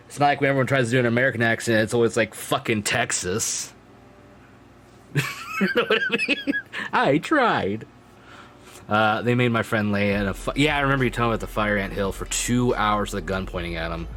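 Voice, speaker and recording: A man's voice: medium pitch, fairly bright tone. A man streaming live, chatting casually with his viewers, swearing freely and laughing often.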